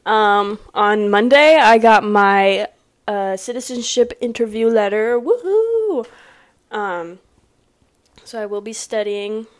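A woman's voice: medium pitch, steady tone, takes it slowly. A woman co-hosting a podcast in casual chat, with a playful, joking manner. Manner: playful, laughing, casual banter. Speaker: podcast co-host.

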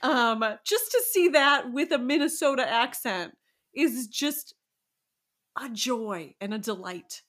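A woman co-hosting a podcast, talking in a chatty, playful way. Her voice is bright and forceful and sits a little high. She laughs easily between remarks. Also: lively intonation, slow pace. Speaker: podcast co-host. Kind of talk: casual podcast chat.

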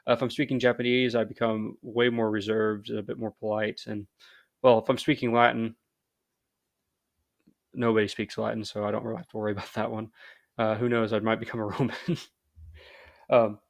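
A man's voice: on the low side, little pitch movement, brisk, vocal fry, pauses often, dry recording. An American man hosting a podcast in a casual, rambling monologue full of fillers and self-deprecating asides. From United States. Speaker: podcast host.

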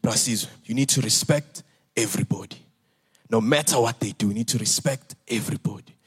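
A man imitating his father, an older man giving wise advice slowly and weightily in his father's accent. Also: mid-range voice, husky. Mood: solemn.

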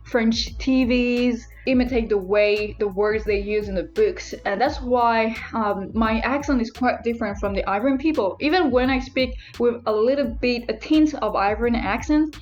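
A woman's voice: a little high, normal speed, hardly any pauses, darkish tone, highs cut off, soft background music. A young woman hosting a podcast in casual conversation, reflective and careful, correcting herself as she talks. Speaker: podcast host. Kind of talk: casual interview chat.

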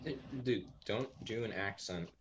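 Over muffled call audio with faint noise, a man with a fairly low pitch and measured pace acts as game master in a casual tabletop session, explaining things at length in an opinionated way.

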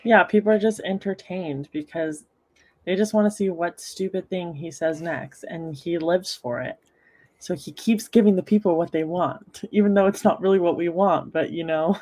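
A woman's voice: fairly low pitch, moderate pace, a little mellow. A young woman co-hosting a casual podcast, giving blunt, dismissive opinions. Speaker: podcast co-host.

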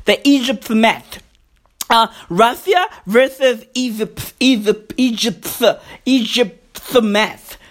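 A man standing in as podcast host, halting and full of restarts, who shouts and swears while reacting to a football match. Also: extremely high pitch.

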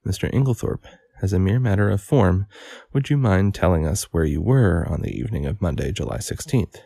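A man's voice: deep voice, expressive, fairly quick, vocal fry, dark tone, husky, dry recording, exaggerated voice. A man reading as a stern, dry coroner.

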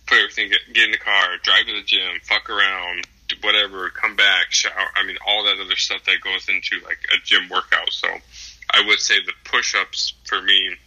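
A man's voice: deep voice, sharp tone, poor audio. A young adult man co-hosting a podcast, telling a rambling story full of swearing and fillers. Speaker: podcast co-host. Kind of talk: casual chat, profane storytelling.

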